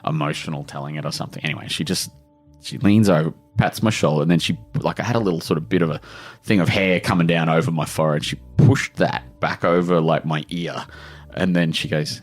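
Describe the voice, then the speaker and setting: A man's voice: very deep voice, fast, soft background music. An Australian man in his forties, a guest on a podcast, talking earnestly and rambling with lots of fillers. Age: 40s. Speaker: author guest. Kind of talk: emotional podcast interview.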